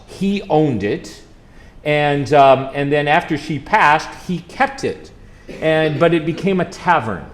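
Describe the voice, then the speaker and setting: A man, a college chaplain, telling stories over slides and quizzing a live audience in a chatty way. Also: fairly high pitch. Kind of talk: slide-show trip presentation.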